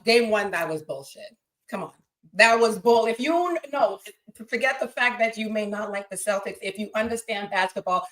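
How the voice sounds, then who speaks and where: Excitable woman hosting sports talk. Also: on the high side, low-quality recording. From Boston. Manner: excitable, blunt, swears freely. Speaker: podcast host. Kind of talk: casual sports talk to a live chat.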